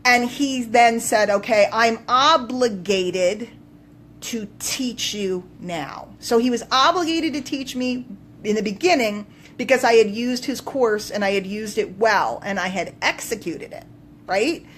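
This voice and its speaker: A woman coach telling a story on a live stream, emphatic and animated, swinging between loud bursts and quiet asides. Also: on the high side, moderate pace, slight background noise. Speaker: business coach.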